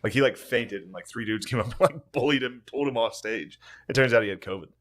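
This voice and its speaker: A man co-hosting a podcast, telling anecdotes in a relaxed, easily amused, profane chat. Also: mid-range voice, fast. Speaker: podcast co-host.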